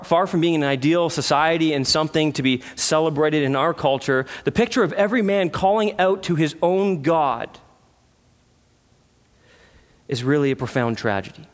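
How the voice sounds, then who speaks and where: A man preaching a sermon, earnest, with rhetorical questions and dramatic pauses. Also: a little high. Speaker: pastor.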